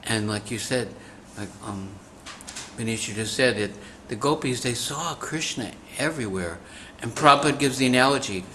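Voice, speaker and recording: A man explains ideas in a calm, steady, teacherly way during a devotional class. His voice sits in a middle range. A faint hiss of noise sits behind him. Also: mid-range voice, normal speed, poor audio. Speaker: class participant.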